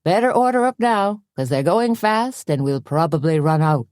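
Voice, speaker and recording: Lady narrator doing a laid-back bartender guy, folksy, kinda mellow. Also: lowish voice, animated, moderate pace, no room sound, studio quality, close to an everyday voice. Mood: easygoing. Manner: folksy and offhand. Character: folksy, easygoing male bartender.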